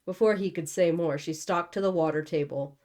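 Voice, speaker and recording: A woman's voice: on the low side, fairly quick, a little mellow. A young woman reading a novel aloud and breaking off for casual, joking commentary. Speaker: book channel host.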